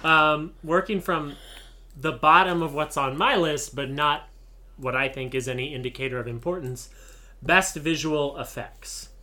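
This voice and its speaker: A writer co-hosts a casual podcast, with wry remarks and frequent laughter. The voice sounds bright and crisp. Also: medium pitch, a little slow. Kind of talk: casual chat about the Oscars.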